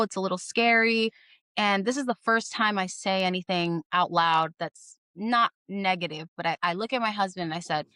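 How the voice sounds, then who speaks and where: A woman's voice: mid-range voice, a bit bright, no room sound. Woman, young adult, podcast guest, earnest, emphatic, repeats herself, dry close sound. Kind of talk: casual interview storytelling.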